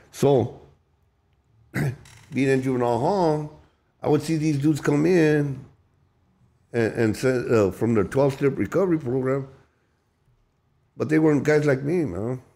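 A man's voice: medium pitch, normal speed, gravelly, pauses often, warm tone. A man telling his recovery story in an emphatic, profane, emotional way, often repeating and restarting his words. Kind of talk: candid storytelling.

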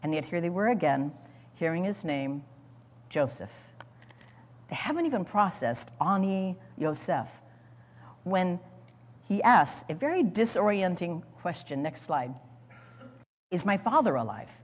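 A woman's voice: fairly low pitch, expressive, a little slow, pauses often. A woman teaching a sermon in dramatic storytelling style, repeating words as she goes. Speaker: Bible teacher. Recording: long hall reverb.

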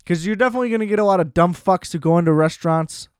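A man's voice: sits high, very fast, clean tone, no room sound, clean studio sound. A young man in casual chat, ranting with profanity and sarcasm and mocking other people in put-on voices.

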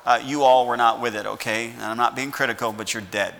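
A man's voice: medium pitch, fairly even intonation, a little fast, gravelly, fairly bright tone, long reverb tail. A middle-aged man preaching a sermon as pastor, folksy, often checking in with "all righty?". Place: church sanctuary.

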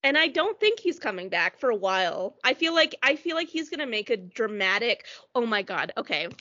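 A woman co-hosting a podcast in casual chat, animated and acting out little quotes as she talks. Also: fairly high pitch, fairly quick, no room sound, muffled recording. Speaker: podcast co-host.

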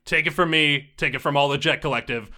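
A man playing a casual, rebellious young man giving laid-back but hurried warnings in a tabletop role-playing game. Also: a little high, pushed and bright. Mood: casual urgent.

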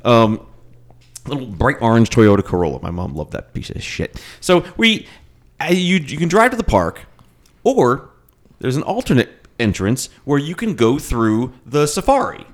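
A man telling a story in casual group chat, animated and profane, laughing often. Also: mid-range voice, moderate pace.

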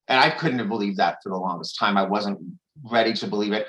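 A man's voice: on the low side, fast talker, fairly bright tone, low-quality recording. A man sharing candidly at a recovery meeting, rambling with restarts and frequent swearing. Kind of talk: candid personal share.

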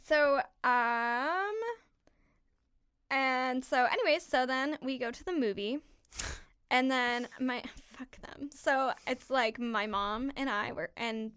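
Smooth-voiced young woman, animated chat. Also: high voice, takes it slowly, dry recording. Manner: animated, swearing, heavy use of "like". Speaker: podcast host. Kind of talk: casual storytelling chat.

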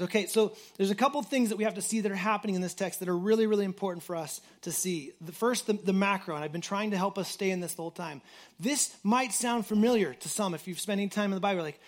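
A man's voice: high-pitched, quick pace. A man preaching a conversational sermon, earnest and searching for words, often repeating himself and saying "like". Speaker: pastor.

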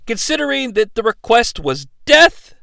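A man hosting a comedic movie recap, talking in a profane, animated and sarcastic way. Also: very high voice, moderate pace, vocal fry, no room sound. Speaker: host.

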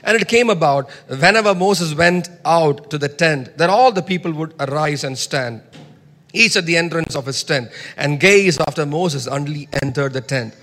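A man preaching a sermon, reading scripture loudly and dropping to soft asides. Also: a little high, moderate pace, big-room sound. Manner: emphatic, swings between soft asides and loud scripture reading.

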